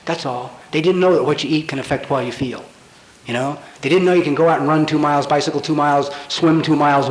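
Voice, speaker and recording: Blunt, high-voiced man in an echoing hall. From Colorado, USA. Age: 50s. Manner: blunt, wry and emphatic, swearing for punch. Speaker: recovery speaker. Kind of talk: comic confessional storytelling speech. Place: large convention hall with audience. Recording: echoey 1980s convention hall tape.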